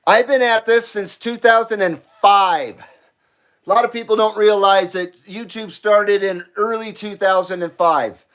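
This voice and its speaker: A man hosting his own live stream, excitable and out of breath, swearing freely and laughing between remarks. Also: sits high, a little slow, clean tone. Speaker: channel host. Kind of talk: casual live stream chat.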